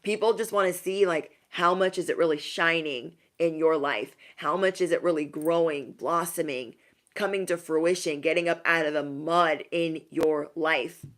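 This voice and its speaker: A woman giving a casual tarot reading to her viewers, sassy and emphatic, repeating lines for effect. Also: normal speed. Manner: mocks others in high put-on voices. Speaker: tarot reader.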